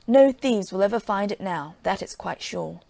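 A woman's voice: mid-range voice, lively intonation, moderate pace, gravelly, warm tone. A woman voicing a gullible, chattering farmer's wife in a storybook reading. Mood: fussy. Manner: fussy, exclaiming.

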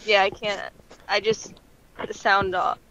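A woman's voice: mid-range voice, little pitch movement, slow pace, lo-fi sound, over a noisy crowd. A woman co-hosting a podcast, chatting casually and laughing often at herself. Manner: laughs often, self-deprecating. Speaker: podcast co-host. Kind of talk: casual chat.

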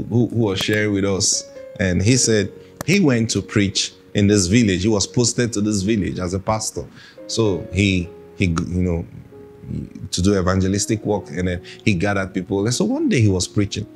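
A man preaching a sermon, emphatic and repeating phrases for stress. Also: lowish voice.

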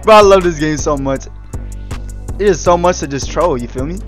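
A young man doing loud, trash-talking commentary over game voice chat, laughing a lot. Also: a little high, moderate pace, soft background music. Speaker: gaming streamer.

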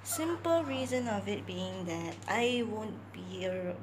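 Young woman, vlogger, slow unhurried talk, playful pet baby talk, phone recording, audible room noise. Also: mid-range voice, animated. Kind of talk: casual vlog chat and talking to her dog. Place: home bathroom and bedroom, indoors. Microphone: phone camera.

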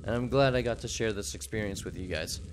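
A man's voice: lowish voice, fast, slight background noise. A man doing livestream commentary on a horror game, with startled, jumpy exclamations and enthusiastic reactions. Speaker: streamer.

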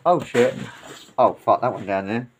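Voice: mid-range voice, normal speed. A dog owner at home, filming a pet and chatting to it in playful baby talk and mock scolding. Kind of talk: casual home video, talking to a dog. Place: home, indoors. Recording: loud background noise, dog sounds.

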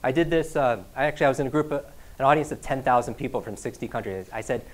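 A man giving an energetic motivational talk to a live audience as a learning coach, repeating key phrases and often asking "right?". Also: medium pitch, fast. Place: event room with a live audience.

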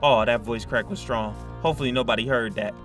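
A man's voice: medium pitch, quick pace, a bit bright, soft background music. A young man commentating a Minecraft horror play-through, slangy and jumpy, yelping and screaming at scares. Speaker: gaming YouTuber.

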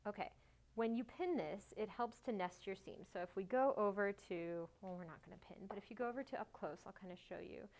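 A woman hosting a sewing tutorial, talking casually and cheerfully through each step, joking at herself and breaking into little bursts of excitement. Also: mid-range voice, fairly quick, slight background noise. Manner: chatty, self-mocking, bursts of excitement.

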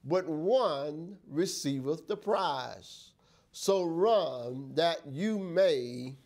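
A male pastor preaching a sermon, reading scripture aloud and speaking in a slow, drawn-out cadence with frequent amens. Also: fairly high pitch, darkish tone. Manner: reads scripture in King James wording.

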